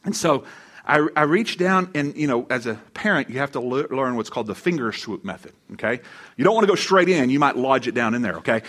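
A middle-aged pastor preaches a sermon before a live church congregation, his mid-range voice expressive, brisk, and a bit bright. He tells a personal story with humor and acts out voices when quoting people.

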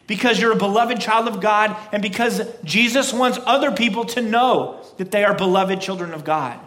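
A man preaching a sermon as pastor, with an emphatic, repetitive cadence and slow, stressed phrases. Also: high-pitched, a bit bright.

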